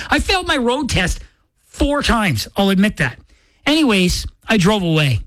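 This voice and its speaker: A man's voice: high-pitched, very animated, normal speed, a bit bright, no echo. A man hosting a radio show, telling a rambling personal story in a casual, chatty way and correcting himself as he goes. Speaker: radio host.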